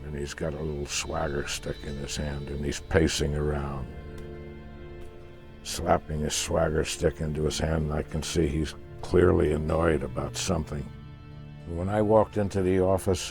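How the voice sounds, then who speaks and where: Old guy spinning a yarn, low voice, stumbles n repeats words, soft music behind. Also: gravelly. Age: older. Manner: halting, repeats words when searching for them. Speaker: interviewee recounting a past voyage. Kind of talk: casual storytelling.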